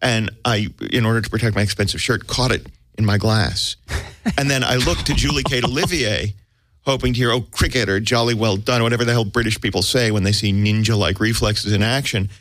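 A man's voice: fairly low pitch, fairly quick, a bit bright, dry recording. An American man, an actor, telling a comic story about himself in a wry, self-mocking way with vivid detail. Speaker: actor guest.

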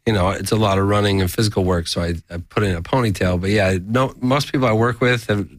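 A man being interviewed about his camera work, talking in a relaxed, self-deprecating way. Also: fairly low pitch, fast, dry recording. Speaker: guest, cinematographer. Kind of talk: casual interview chat.

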